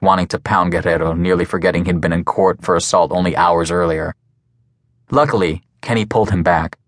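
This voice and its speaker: A man narrating an audiobook in a measured, even storytelling manner, close to the mic. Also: sits low, no room sound. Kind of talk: scripted narration.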